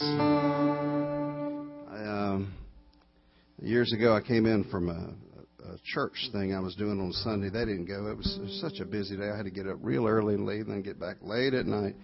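A man's voice: lowish voice, moderate pace, gravelly, muffled recording, over music. A middle-aged man, telling a folksy, meandering story as a guest guitarist at a church concert, recorded live. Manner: folksy, meandering, self-correcting. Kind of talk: rambling storytelling testimony.

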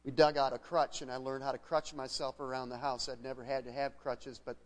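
A man's voice: mid-range voice, little pitch movement, a little fast. A middle-aged man, a guest pastor, preaching a sermon as a conversational personal story with frequent restarts. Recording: long hall reverb.

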